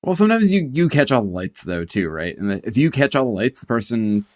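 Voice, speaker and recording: A man's voice: medium pitch, big pitch swings, a little fast, no room sound, clean studio sound. A man co-hosting a podcast in laid-back casual chat, swearing casually. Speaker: podcast co-host.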